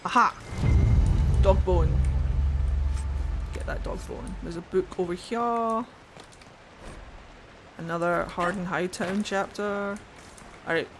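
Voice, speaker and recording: A Geordie woman from Newcastle streams a game from home and chats away in a loose, casual way. She swears freely and answers her chat out loud. A faint hiss sits under her voice. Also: lowish voice, slow pace, long pauses. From Newcastle, England.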